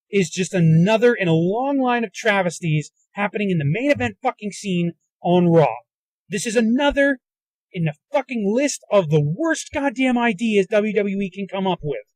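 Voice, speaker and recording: A man's voice: high voice, no room sound, rough recording. A man hosting a podcast, delivering an agitated, profane solo rant while riding in a car. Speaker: podcast host. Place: inside a moving car. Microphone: handheld recorder in a car.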